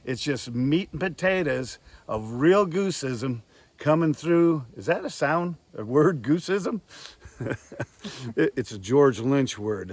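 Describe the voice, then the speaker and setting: A man giving a hands-on lesson on goose calling, speaking plainly and pausing to demonstrate calls. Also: mid-range voice. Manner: plain-spoken, demonstrates calls between explanations. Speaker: goose call instructor.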